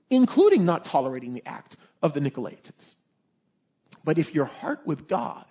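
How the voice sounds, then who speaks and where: A man preaching a sermon, telling Bible stories in an animated way and acting out the characters. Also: on the high side, husky, muffled recording. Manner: animated storytelling, voices characters in the tale.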